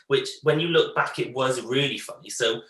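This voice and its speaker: A man, co-hosting a casual chat and telling lively family stories, acting out what relatives said. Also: medium pitch, moderate pace, roomy sound, low-quality recording. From Bristol, England. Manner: animated anecdotes, acts out family quotes. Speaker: podcast co-host.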